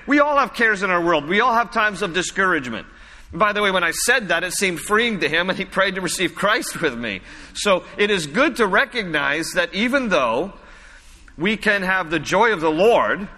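Bright-voiced pastor preaching in a hall. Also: male voice, fairly high pitch. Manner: conversational, repeats phrases for emphasis. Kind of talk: sermon.

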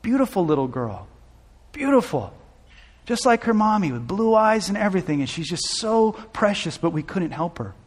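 A man's voice: high-pitched, expressive, a little fast, few pauses. A man preaching as a pastor, telling a personal story with emotion, restarting phrases as his intensity builds. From Southern California. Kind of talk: sermon storytelling. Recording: long hall reverb.

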